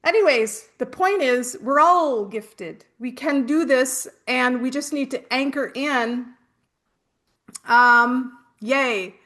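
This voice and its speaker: A woman's voice: high-pitched, takes it slowly, fairly bright tone. A middle-aged woman hosting a spiritual workshop, telling chatty personal stories with casual swearing.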